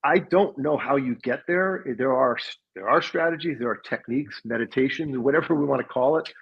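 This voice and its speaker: Husky-voiced man telling sales stories. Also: medium pitch, fairly quick, dull audio. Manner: reflective, laughs while telling stories. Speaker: podcast guest, sales leader. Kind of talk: casual conversational storytelling.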